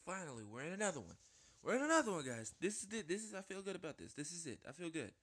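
A man giving live gameplay commentary at home, rambling and self-interrupting, jumping to squeaky panicked yelps and whiny pleading. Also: very animated, racing, a bit bright. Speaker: gaming video host. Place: at home with a small dog.

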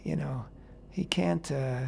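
A man on a radio talk show explaining a Bible passage in a casual, animated way, acting out the characters' words in paraphrase. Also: on the high side, slow, creaky, a little hiss or hum. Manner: animated, acts out quotes in paraphrase, many fillers. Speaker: radio host teaching the weekly Torah portion. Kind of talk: casual Torah discussion on radio.

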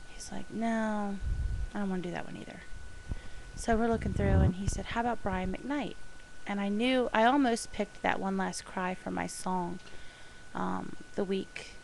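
A woman talking casually in a video diary, gushing with excitement and often pausing with ums and restarts. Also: medium pitch, gravelly, noisy background. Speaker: vlogger.

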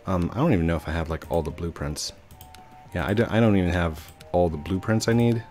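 Low-voiced man rambling over gameplay. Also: brisk, a little mellow, faint music behind. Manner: rambling, many fillers and restarts. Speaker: gaming video host. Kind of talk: casual gameplay commentary.

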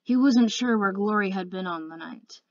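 At home, an earnest woman narrates a fantasy novel as an amateur audiobook, reading carefully and steadily and occasionally stumbling over a word. Her middle-pitched voice moves at a moderate pace and sounds somewhat muffled and close, with a dry, echo-free quality.

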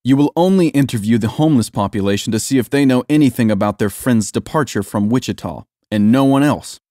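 A man's voice: medium pitch, expressive, a little fast, dry recording, studio quality, close to an everyday voice. A man voicing a scornful, bossy police lieutenant who speaks curtly and with contempt. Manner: curt, contemptuous, shouting.

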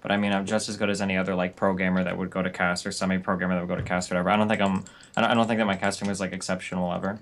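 Fast-talking man with a lowish voice. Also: little pitch movement, a bit bright. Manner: rambling, heavy use of "like" and "I mean". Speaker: pro gamer and caster guest. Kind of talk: casual panel discussion.

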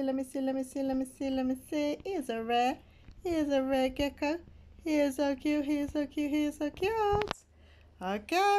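Woman, slightly high voice, excitable, gasps and squeals, casual gameplay commentary, chats to viewers. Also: moderate pace. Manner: excitable, gasping and squealing at each reveal; chatty, addresses viewers as guys. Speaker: gaming channel host.

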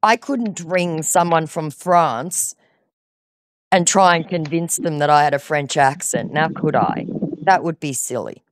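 A woman's voice: deep voice, measured pace, no room sound, studio quality. A woman baiting a scammer on a phone call, sarcastic and patronizing, scolding him. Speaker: scam baiter.

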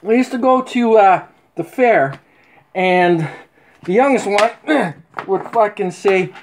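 A middle-aged man rambling crudely in a casual vlog, swearing constantly with rough humor. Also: high-pitched, animated, slow pace. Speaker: vlogger. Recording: faint background noise.

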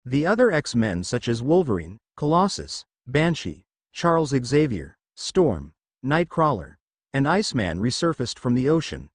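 A man reading scripted fan-fiction narration in a steady read-aloud way. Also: mid-range voice, unhurried, dry recording, clean studio sound.

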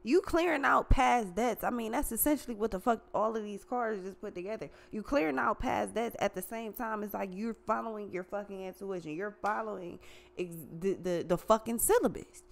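A woman's voice: medium pitch, fairly quick, vocal fry. Woman, tarot reader, blunt, profane, slangy, casual reading.

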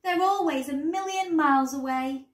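A woman voicing an excited little girl who wants to be heard, in a high childlike voice, in a roomy recording. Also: normal speed, close to an everyday voice. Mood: glum. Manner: high squeaky childlike voice, urgent. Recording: roomy echo.

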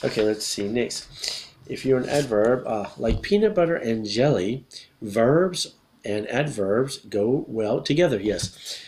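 A man from America, reading a children's book aloud as an English lesson, slowly repeating key words and chuckling often. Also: medium pitch, lively intonation, a little mellow, poor audio.

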